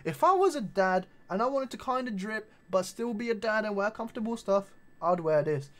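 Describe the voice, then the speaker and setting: A young male vlogger with a high-pitched voice chats casually and fairly quickly while showing off his shoe collection. His banter is animated and slangy, with frequent swearing.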